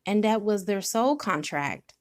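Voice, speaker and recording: A woman's voice: mid-range voice, lively intonation, unhurried. A woman giving a spiritual card reading, telling a story with feeling and speaking directly to her viewers. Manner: emotional, storytelling, nearly tearful at times. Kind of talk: tarot reading monologue.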